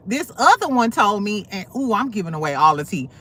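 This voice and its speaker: A woman's voice: mid-range voice, sing-song, brisk, pushed and bright. Sassy, profane woman gossip host. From St. Louis. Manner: sassy, blunt, profane storytelling with many asides. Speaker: livestream host. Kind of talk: casual gossip commentary.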